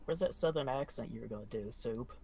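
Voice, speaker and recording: A man's voice: mid-range voice, fast talker, creaky, warm tone, breathy edge. A man playing a tabletop game, chatting and teasing the others. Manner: teasing, joking. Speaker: player. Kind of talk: casual chat at a game table.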